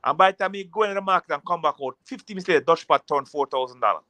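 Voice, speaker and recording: A man's voice: fairly high pitch, racing, sharp tone, dry recording. A man in a casual chat, telling jokey stories in patois-laced speech.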